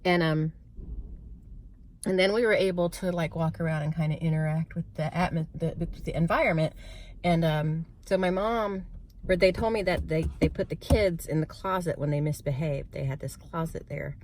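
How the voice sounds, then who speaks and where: A woman with a slightly low voice tells a spooky personal story in a loose, casual vlog. She rambles and restarts her sentences, filling the gaps with "um" and "uh". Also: normal speed, a little mellow, a little hiss or hum. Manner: rambling, many fillers and restarts. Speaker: vlogger telling a personal story.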